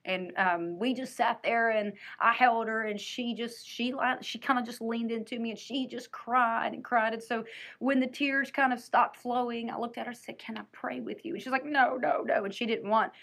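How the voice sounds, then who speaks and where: A woman telling a personal story in an animated, earnest way, often restarting her sentences. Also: on the high side, moderate pace.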